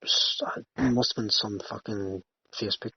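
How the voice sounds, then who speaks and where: A man's voice: fairly low pitch, fairly even intonation, moderate pace, pushed and bright, husky. A man hosting a podcast, ranting and swearing through casual banter with a friend. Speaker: podcast host. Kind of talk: casual chat. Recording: dry, slightly muffled lo-fi.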